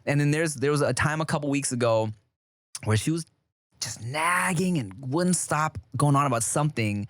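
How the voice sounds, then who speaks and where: A man co-hosting a podcast, talking in loose slang and rambling through restarts. His pitch moves around a lot. The room sound is dry and close. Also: expressive, moderate pace, dry recording. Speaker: podcast co-host. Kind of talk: casual podcast chat.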